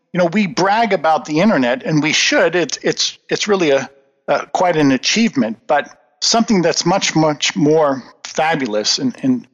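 A man answering interview questions in an earnest, emphatic, lecturing manner. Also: on the high side. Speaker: guest. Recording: dull lo-fi audio with long reverb.

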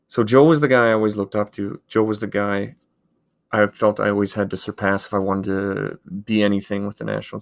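A man in his thirties who hosts a podcast, telling a story in a casual, rambling way with lots of filler words. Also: on the low side. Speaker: podcast host, handball goalkeeper.

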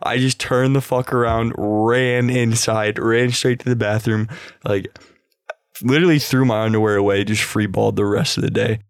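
A man's voice: fairly low pitch, fairly even intonation, moderate pace, creaky, clear, resonant tone, dry recording, clean studio sound. A young man telling crude stories in casual chat, rambling and filling his talk with "like" and "dude". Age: young adult.

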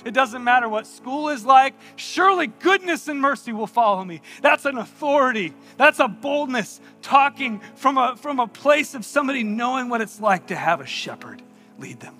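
Bright-voiced, energetic male pastor preaching. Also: very high-pitched, moderate pace, soft background music. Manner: energetic, playful preaching with emphatic repetition. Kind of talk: sermon. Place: church.

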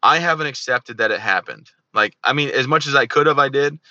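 A man's voice: mid-range voice, fairly quick, sharp tone, no echo, muffled recording. A man in his thirties, a veteran guest on an interview show, telling his own story candidly and animatedly, often acting out remembered dialogue. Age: 30s.

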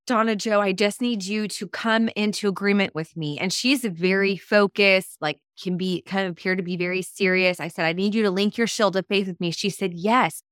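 Woman co-host, lively storyteller, acts out dialogue, dry close sound. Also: medium pitch, normal speed, hardly any pauses, smooth, no room sound. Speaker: co-host and coach. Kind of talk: casual podcast storytelling.

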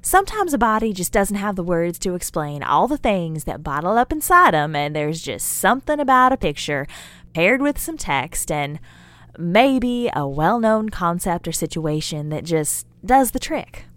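A woman's voice: fairly low pitch, big pitch swings, moderate pace, a bit bright. A woman playing a folksy, rambling meme lecturer. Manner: chatty and scolding, with folksy asides. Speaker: character in an audio drama monologue. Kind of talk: scripted character monologue.

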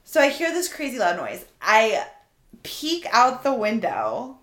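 A woman co-hosting a podcast, telling a story in an animated, chatty way with lots of "like". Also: on the high side, a little slow. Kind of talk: casual storytelling chat. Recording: echoey room.

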